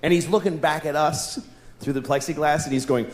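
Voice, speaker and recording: A middle-aged man performing a stand-up comedy set on a live stage, blunt and deadpan, breaking into voiced asides. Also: on the high side, a little fast. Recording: echoey live venue, noisy crowd ambience.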